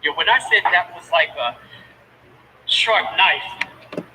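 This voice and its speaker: A man, a father, tells an emotional personal story in a halting way, with many fillers and restarts. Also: sits high, animated, in a large hall, noisy background.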